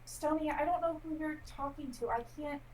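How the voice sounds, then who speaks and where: GM putting on a high, anxious companion voice. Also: male voice, normal speed, slight background noise, rough recording. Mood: confused. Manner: confused, anxious.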